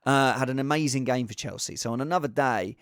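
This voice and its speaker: A man's voice: mid-range voice, quick pace, fairly bright tone, no echo, clean studio sound. A man chatting casually on his own as a fantasy football vlogger, rambling with restarts and asides. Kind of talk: casual solo chat.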